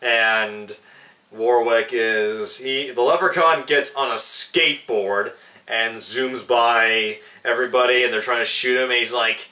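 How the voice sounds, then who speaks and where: In a casual vlog, a young man works through a movie review slowly, rambling, cursing and restarting constantly. His mid-range voice is bright and forceful with fairly even intonation. An echoey room and distant mic make him sound set back.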